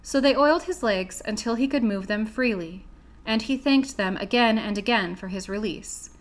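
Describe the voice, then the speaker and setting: A woman's voice: on the high side, normal speed. Woman reading a storybook aloud. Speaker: audiobook reader. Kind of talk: storybook narration.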